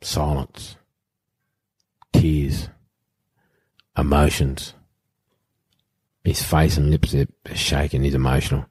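A middle-aged Australian man telling animated anecdotes in a casual chat, acting out other people's lines and swearing casually. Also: very deep voice, takes it slowly, pauses often, slightly rough. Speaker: guest, former rugby league player. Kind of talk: casual storytelling in a podcast chat.

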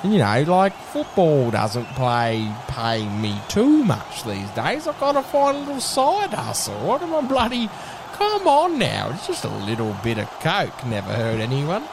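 A man's voice: a little high, huge pitch swings, a little slow, background noise, pitched below the performer's own voice, heavily acted. A man with an Australian accent voicing a shifty male footballer who sells drugs, drawling his excuses. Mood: unbothered. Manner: laid-back, drawling excuses.

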